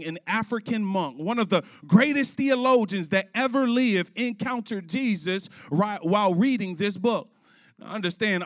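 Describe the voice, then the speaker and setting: A man's voice: high voice, a bit bright, no room sound. A man preaching a sermon to his church, speaking passionately and calling out to the congregation. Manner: impassioned preaching, addressing the congregation directly. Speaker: pastor.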